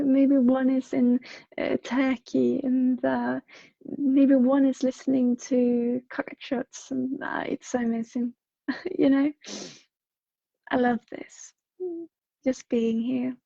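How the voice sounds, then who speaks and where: A high-pitched woman with a Swedish accent and a gravelly, husky edge, a little under the weather. She talks gently and wanders, with lots of fillers. The sound is dull and dry, like a home livestream mic. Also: no room sound. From Sweden. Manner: gentle, rambling, frequent fillers and soft laughs. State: slightly unwell. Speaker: intuitive reader on a livestream. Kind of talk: livestream message reading and chat. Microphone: home streaming microphone.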